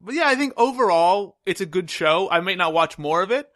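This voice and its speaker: A young man hosting a podcast, giving opinionated, animated TV reviews in casual chat. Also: high-pitched, brisk. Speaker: podcast host.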